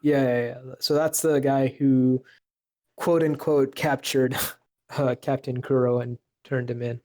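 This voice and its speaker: Mellow-voiced man, hesitant podcast co-host. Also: mid-range voice, little pitch movement, measured pace. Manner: hesitant, many fillers and restarts. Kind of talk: casual chat.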